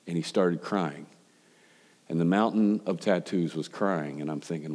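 A man's voice: low voice, moderate pace, darkish tone, big-room sound. A man preaching a sermon in a conversational storytelling way, building up to rhetorical questions. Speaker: pastor.

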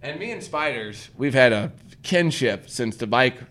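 A man's voice: medium pitch, a little slow. Profane man telling a rambling story. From Missouri. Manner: profane, animated, acts out his own voice in quotes. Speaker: podcast host. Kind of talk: casual storytelling chat.

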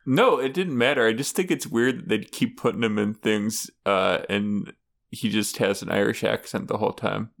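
A man's voice: fairly low pitch, normal speed, creaky. Playful man telling a podcast story. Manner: playful, laughs while telling a made-up story. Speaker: podcast co-host. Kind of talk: casual chat.

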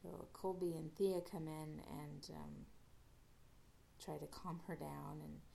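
Low, gravelly-voiced woman recapping casually. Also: fairly even intonation, slow pace, dark tone, a little hiss or hum. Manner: rambling, many fillers and restarts. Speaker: podcast host.

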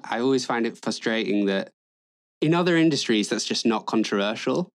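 A man's voice: mid-range voice, brisk. A man hosting a podcast interview, asking casual, rambling questions and swearing now and then. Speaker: podcast host.

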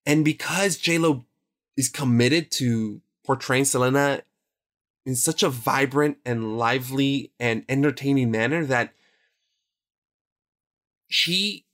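A man's voice: medium pitch, takes it slowly, long pauses, a bit bright. Rambling, emphatic man discussing a film. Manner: rambling, self-correcting, emphatic. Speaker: podcast co-host.

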